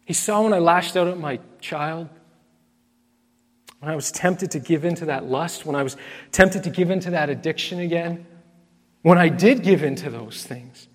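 Man, pastor, earnest sermon, emphatic repetition, somewhat raised pitch, echoing church hall. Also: normal speed. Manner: earnest, addresses listeners as friends; emphatic, repeats key phrases.

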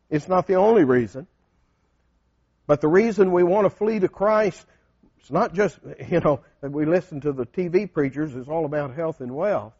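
A man's voice: a little high, darkish tone, lo-fi sound. A man preaching a sermon in a conversational way, often asking the congregation questions.

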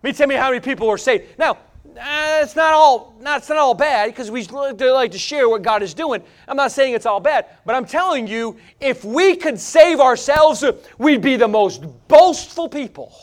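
A man preaching from the pulpit in a notably high voice. He drives his points hard and loud, then drops almost to a murmur for emphasis, with a fast, restless delivery. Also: lively intonation. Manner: swings from loud exhortation to hushed intensity. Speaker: pastor. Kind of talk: sermon.

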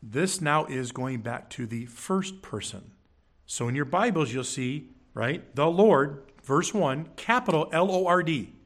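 A man preaching in a church, teaching from scripture with emphatic, animated delivery and frequent check-ins with the congregation. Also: on the high side, a little slow. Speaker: pastor. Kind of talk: sermon. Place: church sanctuary.

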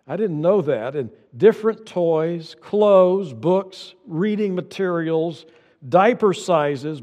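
A man's voice: a little high, a little mellow, big-room sound. An older man preaching a sermon, folksy and anecdotal, repeating key lines for emphasis. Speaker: pastor.

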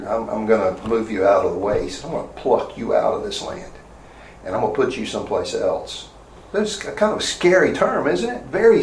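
A man's voice: medium pitch, darkish tone. A man preaching a sermon, earnestly paraphrasing scripture with stern emphasis. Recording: roomy echo, distant mic, faint hum.

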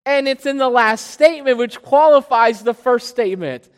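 An emphatic preacher delivering a scripture sermon at a mid pitch. Key words are stretched out slowly before the pace picks up again. The voice rings with the long reverb of a hall.

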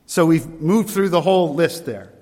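A man's voice: fairly high pitch, lively intonation, moderate pace, darkish tone, big-room sound. A man preaching a sermon as a pastor, conversational and given to rhetorical questions.

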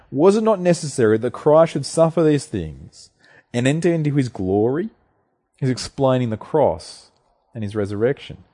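A man's voice: mid-range voice, warm tone. A man preaching a sermon, explaining a passage in an earnest, teaching way with occasional fillers and restarts.

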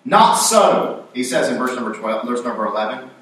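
A man's voice: mid-range voice, sing-song, normal speed, fairly bright tone. A man preaching a sermon in a conversational style, acting out quoted lines with rising emphasis. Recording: very echoey room, voice from a distance.

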